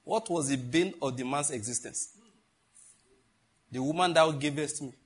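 A man's voice: on the high side, normal speed, breathy edge. A middle-aged man, teaching a sermon in a conversational, joking way and asking the congregation questions. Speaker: pastor.

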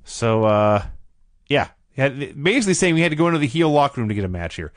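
Wry, lively male podcast co-host. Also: mid-range voice, fast talker, no echo. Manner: wry, animated, laughing. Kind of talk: casual wrestling review chat.

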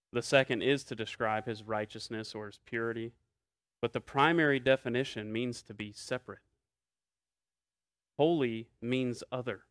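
A male pastor giving a measured, deliberate sermon in church, stressing key words by repeating them. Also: medium pitch, dry recording, clean studio sound. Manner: measured, deliberate preaching with emphatic repetition.

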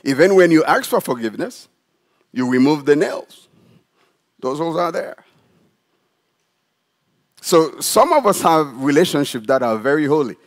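A man preaching a sermon as pastor in a church, animated and demonstrative, putting questions to the congregation. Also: a little high, moderate pace, long pauses. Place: church sanctuary.

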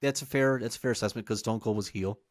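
Low-voiced easygoing podcast man. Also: fast, no room sound, studio quality. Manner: easygoing storyteller, fillers. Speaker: podcast co-host. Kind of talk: casual chat.

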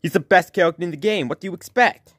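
A man's voice: high voice, quick pace, fairly bright tone, breathy edge. A young man performing a comedy skit in his own voice, bickering and sarcastic.

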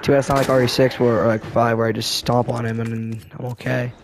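A man's voice: medium pitch, little pitch movement, a little fast, background noise. A man hosting a casual let's play commentary, rambling and laid-back with lots of filler words. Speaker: gaming channel host.

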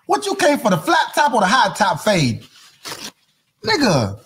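A man hosting a podcast, delivering a loud comedic rant, mocking, repeating catchphrases and laughing often. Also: high-pitched, wildly swooping pitch, measured pace, slight background noise. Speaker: podcast host.

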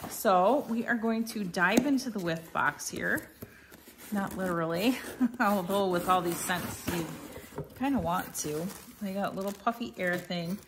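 A woman's voice: mid-range voice, unhurried, background noise. A middle-aged woman chatting casually through an unboxing at home, meandering with fillers and self-corrections. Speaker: vlogger reviewing a subscription box.

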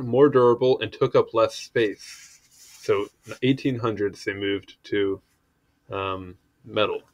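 A man's voice: on the low side, a little slow. A man reading an encyclopedia article aloud in a casual way, stumbling over words and adding offhand asides. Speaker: article reader.

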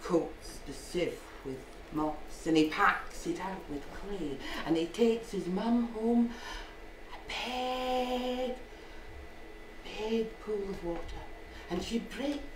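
A woman's voice: mid-range voice, slow pace, recorded from a distance, noisy background. A Scottish woman storyteller telling a folk tale live, playful, with asides, in an echoey storytelling hall.

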